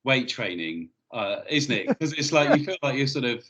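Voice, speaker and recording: A man's voice: medium pitch, big pitch swings, moderate pace, fairly bright tone, highs cut off. A man, a headteacher guest on a podcast, talking enthusiastically with frequent ums. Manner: enthusiastic, hesitant with many ums. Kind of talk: casual conversational interview.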